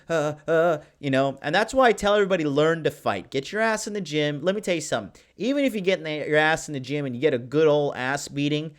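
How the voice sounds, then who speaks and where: A man hosting a live podcast, talking in a brash, profane and excitable way as he reads chat comments. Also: a little high. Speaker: podcast host. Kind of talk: casual live-stream talk.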